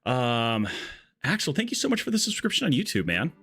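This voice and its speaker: A man's voice: medium pitch, wildly swooping pitch, fairly quick, over music. A man streaming a game live, chatty and jokey, greeting and thanking his viewers. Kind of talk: live-stream chat while playing.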